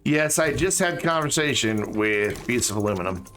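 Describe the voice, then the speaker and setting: A man's voice: medium pitch, animated, normal speed, fairly bright tone. A man chatting casually while he streams a game, joking and talking to objects in it. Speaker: live streamer. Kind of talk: casual gameplay stream chat.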